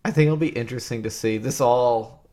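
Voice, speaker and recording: A man's voice: mid-range voice, fairly quick, dark tone. Chatty male sports show co-host. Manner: hesitant, filler-heavy, laughs easily. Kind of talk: casual sports chat.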